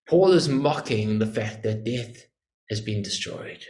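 A man's voice: mid-range voice, wildly swooping pitch, measured pace, a little mellow. A male preacher giving an earnest sermon, explaining a passage and asking emphatic rhetorical questions. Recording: echoey room.

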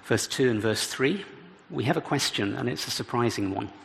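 A man's voice: medium pitch, expressive, normal speed, creaky, a bit bright. A man preaching an expository sermon, reading scripture aloud and adding dramatic emphasis as he explains it. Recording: reverberant hall with faint background noise.

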